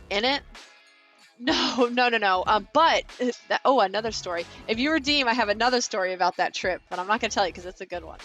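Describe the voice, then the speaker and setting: In a mid-range, fairly bright voice, a Kansas woman in her thirties chats casually with viewers of her vlog while building. She tells a long, rambling story full of fillers and casual swearing.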